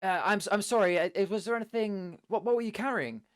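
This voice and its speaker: Man doing a high, loud, over-apologetic adventurer, theatrical, gushing. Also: quick pace, smooth, lightly acted.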